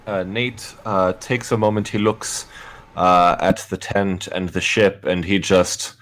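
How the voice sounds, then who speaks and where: Low-voiced male player, halting. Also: steady tone, fairly bright tone, poor audio. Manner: halting, many fillers. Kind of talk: describing his character's actions in a tabletop game.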